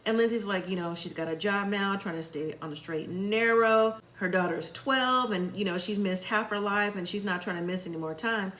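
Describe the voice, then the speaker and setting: A woman's voice: mid-range voice, moderate pace, few pauses, a bit bright. Woman, casual show recap, chatty and opinionated, roomy echo. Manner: chatty, opinionated, acts out quotes.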